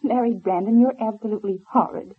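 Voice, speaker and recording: A woman's voice: on the high side, fast talker, husky. An actress playing a spirited, playful young woman in a 1930s radio serial. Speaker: radio drama actor. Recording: old narrow-band radio transfer.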